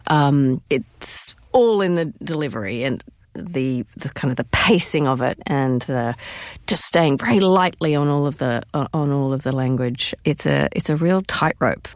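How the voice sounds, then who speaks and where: Woman, stage actress, enthusiastic, laughs a lot, low pitch, dry close recording. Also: moderate pace, no room sound. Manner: enthusiastic, laughs often, frequent restarts. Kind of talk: interview answers.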